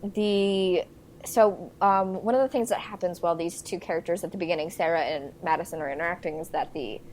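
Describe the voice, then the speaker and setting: A young woman co-hosts a podcast, speaking a bit fast in a fairly low, somewhat mellow voice over slight background noise. She chats casually about a movie, recapping the plot with lots of "like" and "um" and laughing often.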